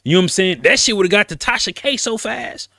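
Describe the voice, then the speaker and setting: A man's voice: sits high, lively intonation, a little fast, gravelly, pushed and bright, no room sound, studio quality. A man hosting a casual commentary show, talking bluntly and emphatically in slang, often repeating words as he rants. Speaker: commentary host.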